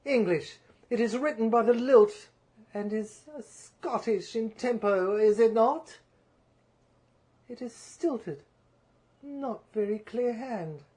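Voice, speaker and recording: A woman's voice: on the high side, slow, warm tone. A woman voicing a poised, guarded young widow. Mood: probing.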